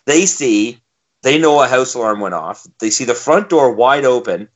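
Male podcast co-host, profane and exasperated storyteller, mid pitch, dull tone. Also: expressive, normal speed. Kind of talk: casual podcast chat.

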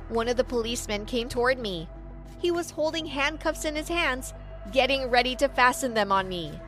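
A woman's voice: high-pitched, lively intonation, normal speed, fairly bright tone, soft background music. A woman narrating a dramatic first-person story, voicing the quotes lightly.

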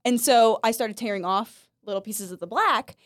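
A woman's voice: a little high, normal speed, no echo, studio quality. A woman co-hosting a casual Christian podcast, chatty, laughing often and acting out quotes as she talks. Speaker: podcast co-host.

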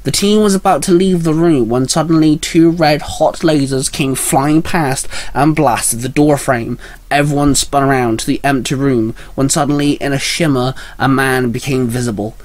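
A man narrating a fan-written action story in a plain, even reading voice. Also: mid-range voice, normal speed, dry recording.

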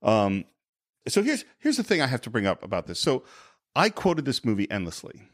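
Man, reflective co-host, lively swooping pitch, dry close mic. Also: moderate pace, no room sound. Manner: reflective, thinks aloud with restarts. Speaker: podcast co-host. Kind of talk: casual film-podcast chat.

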